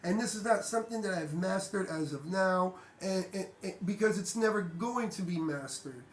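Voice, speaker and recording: A vlogger with a high-pitched voice delivers a casual motivational monologue at normal speed, blunt and emphatic, swearing freely and repeating himself. The recording has an echoey room sound.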